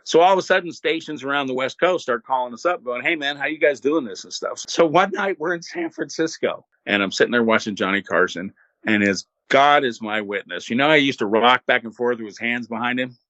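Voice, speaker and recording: An older man, a former radio host, telling stories as an interview guest in an animated, laid-back way and acting out what people said. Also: medium pitch, a little fast, no echo, muffled recording. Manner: animated, laid-back storyteller who acts out quotes. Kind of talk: casual storytelling.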